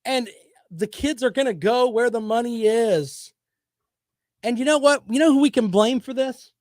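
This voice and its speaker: A man's voice: sits high, a little mellow, no room sound, clean studio sound. A man hosting a sports talk show, delivering opinionated, sarcastic commentary in a combative, rambling way.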